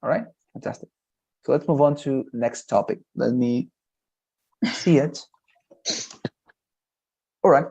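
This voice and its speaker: A man's voice: medium pitch, vocal fry, a little mellow, breathy edge. Man encouraging English tutor. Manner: encouraging, repeats praise, explains slowly. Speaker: English teacher. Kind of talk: one-on-one online lesson.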